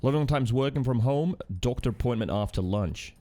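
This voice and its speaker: Lively, teasing male streamer. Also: mid-range voice, fairly quick. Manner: lively, teasing banter reading chat aloud. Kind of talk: casual stream chat with viewers.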